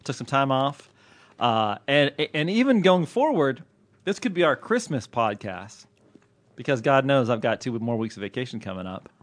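A man hosts a podcast in loose, playful banter at a medium pitch. He jokes at his own expense and laughs easily. The sound is dry and close to the mic. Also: expressive, moderate pace, dry recording. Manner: jokey, self-mocking, laughs often. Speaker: podcast host. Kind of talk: casual banter.

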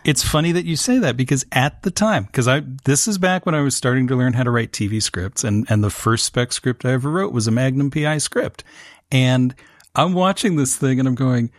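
A man co-hosting a podcast, telling stories in an animated, casual way. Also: mid-range voice, fairly quick, no echo, clean studio sound. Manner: animated storyteller. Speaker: podcast co-host. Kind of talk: casual chat.

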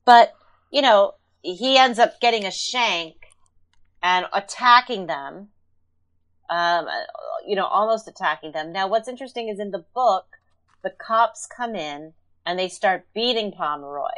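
A woman's voice: medium pitch, unhurried, fairly bright tone. A woman co-hosting a podcast, talking casually and thoughtfully about a TV episode, with many fillers. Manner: thoughtful, analytical, with frequent fillers. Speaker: podcast co-host. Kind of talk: casual chat recapping a TV episode.

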